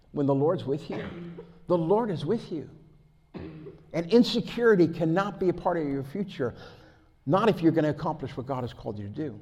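A man preaching a sermon as pastor, telling stories that build from quiet to loud and excited, laughing along the way. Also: fairly high pitch, fairly quick, husky. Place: church hall. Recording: long hall reverb.

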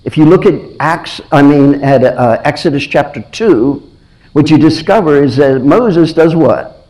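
In a rough recording, a middle-aged man preaches a sermon with a slightly high, darkish voice at a measured pace. He asks his listeners earnest questions and often repeats or restarts his phrases.

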